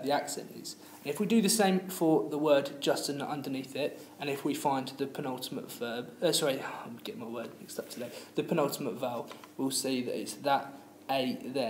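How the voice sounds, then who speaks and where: A man teacher explaining pronunciation rules patiently, with many fillers and restarts. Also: mid-range voice. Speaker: language teacher. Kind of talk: classroom lesson. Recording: echoey room with faint noise.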